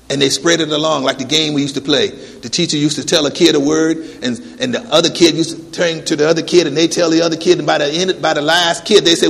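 A man's voice: on the high side, fairly quick, gravelly, a bit bright. A man preaching a sermon, telling a story and asking emphatic rhetorical questions. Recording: long hall reverb.

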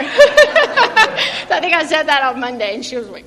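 A woman's voice: high voice, very animated, takes it slowly, long pauses, a crowd in the background. A middle-aged woman giving an informal church sermon, earnest and self-deprecating, laughing often. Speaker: lay preacher. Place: church hall. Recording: long hall reverb, faint room noise.

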